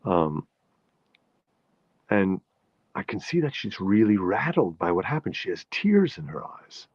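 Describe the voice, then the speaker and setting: A man's voice: on the low side, very animated, a little slow, a little mellow, dry recording, highs cut off. A man from New York hosting a live-stream chat, telling rambling anecdotes with many restarts and answering viewer comments. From New York, USA. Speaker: show host.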